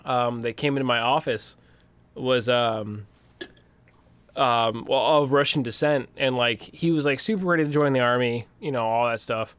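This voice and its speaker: A young man with a Western Pennsylvania accent, co-hosting a casual podcast chat and telling profane, animated stories full of acted-out quotes. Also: mid-range voice, moderate pace, clear, resonant tone, dry recording. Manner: profane, animated storytelling, acts out quoted voices. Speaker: podcast co-host.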